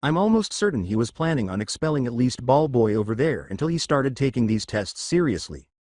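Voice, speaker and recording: A man's voice: medium pitch, big pitch swings, a little fast, darkish tone, no room sound, studio quality. A man reading as a blunt teenage girl. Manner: teasing, blunt. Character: confident teenage girl hero student, teasing.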